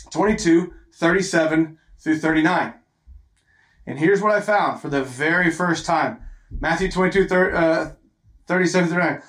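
Male pastor, thirties, preaching in a casual, earnest way; higher-than-usual voice in an echoey room. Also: fairly bright tone. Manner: conversational, earnest, repeats phrases for emphasis. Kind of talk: sermon.

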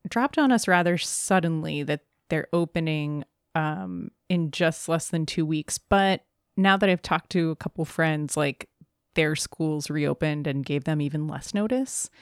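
A woman's voice: low-pitched, a little slow, dry recording, studio quality. A woman in her thirties co-hosting a podcast, chatting casually and laughing often. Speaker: podcast co-host. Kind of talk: casual chat.

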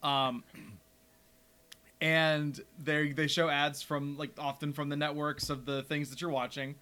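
A man's voice: flat delivery, a little slow, bright, forceful tone. Wry rambling young man podcaster. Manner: rambling, wry, laughs often, trails off low. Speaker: podcast co-host. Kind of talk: casual podcast banter.

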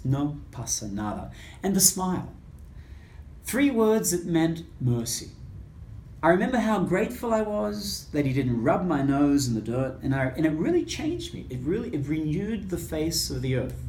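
A man's voice: a little high, darkish tone, slight background noise. A male priest tells a personal story with a voice that rises and falls freely. He acts out the quoted dialogue. The recording has a roomy echo and a faint room ambience underneath. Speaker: Catholic priest.

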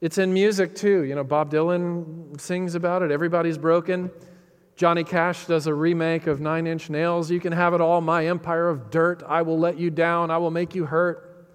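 A man preaching a sermon, emphatic and dramatic, lifting his voice on key phrases and sinking low and quiet for serious points. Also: flat delivery, clean tone. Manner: dramatic pauses, quotes lines with feeling. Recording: long hall reverb.

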